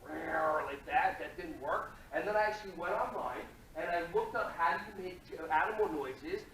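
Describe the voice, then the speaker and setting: A man gives a playful, energetic workshop talk to a room full of people and keeps speaking straight to them. He is picked up from a distance in a very echoey hall, with a faint hiss underneath. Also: high voice, brisk. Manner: playful, energetic, jokey, addresses the room directly. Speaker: early childhood workshop presenter. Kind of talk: live workshop talk to an audience. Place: large room with a live audience. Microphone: distant from the microphone. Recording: very echoey room audio from far off, faint noise.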